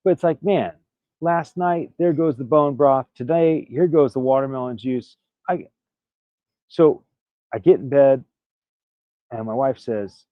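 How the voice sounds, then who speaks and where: A man's voice: medium pitch, a little slow, long pauses, no room sound, phone-quality sound. A man recovering from illness, earnestly telling a personal story to camera in a casual, candid way. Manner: candid, earnest, prone to restarts and little laughs. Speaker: vlogger.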